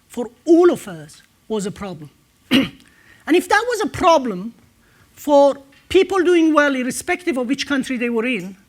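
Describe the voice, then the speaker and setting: Keynote speaker, man, higher voice, relaxed storytelling at a conference. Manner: storytelling, conversational with filler pauses. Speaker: entrepreneur speaker. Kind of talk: conference talk. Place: conference stage.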